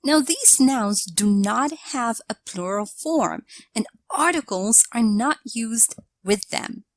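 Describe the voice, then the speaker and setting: A woman narrating a scripted grammar lesson, explaining slowly and deliberately and reading out example sentences. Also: on the high side, lively intonation, dry recording. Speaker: English teacher.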